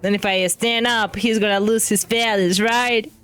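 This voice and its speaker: A woman playing a tabletop game who swears and laughs freely and gets excitable, with faint music behind. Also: mid-range voice, normal speed, clean tone. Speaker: player. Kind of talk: casual tabletop play.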